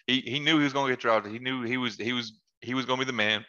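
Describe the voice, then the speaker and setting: A man's voice: mid-range voice, fairly even intonation, rapid-fire, hardly any pauses, pushed and bright, lo-fi sound. A man chatting casually as a podcast guest, telling stories in a laid-back way with slangy asides and frequent laughs. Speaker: podcast guest, former basketball player. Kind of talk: casual storytelling chat.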